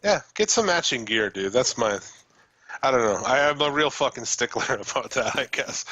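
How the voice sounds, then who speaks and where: A man's voice: medium pitch, animated, normal speed, sharp tone, no echo. A man co-hosting a wrestling podcast, talking loosely and profanely and laughing often. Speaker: podcast co-host. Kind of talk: casual wrestling chat.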